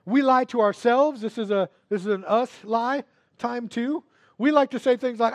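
Male preacher with a high voice, earnest sermon delivery, repeats phrases, drops to hushed asides then builds to loud emphasis, dry close sound. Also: moderate pace, dry recording. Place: church before a congregation.

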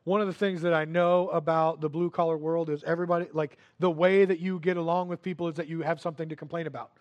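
A man preaching a sermon to a church congregation, earnest and repetitive, swinging between hushed asides and loud emphasis. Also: a little high, level tone, fast, dry recording, dull audio.

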